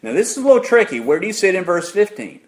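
A man preaching an interactive sermon, putting questions to the congregation in an emphatic, deliberate way. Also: high voice, sing-song.

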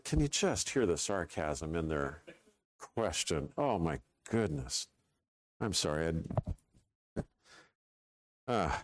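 A man reading scripture aloud in a steady, measured way, now and then adding short informal comments. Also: sits low, dry recording, poor audio. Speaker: scripture reader.

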